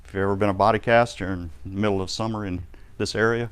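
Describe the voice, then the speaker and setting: On a ministry live stream, a man shares his personal testimony, telling the story vividly and acting out the shouts and reactions of the people involved. His voice sits on the low side with a steady tone, and he talks at a quick pace in a clean tone.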